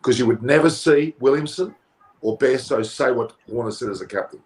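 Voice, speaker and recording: An Australian man with an Australian accent, a cricket pundit on a post-match panel, talking forcefully and indignantly and repeating words when heated. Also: medium pitch, a little fast, poor audio.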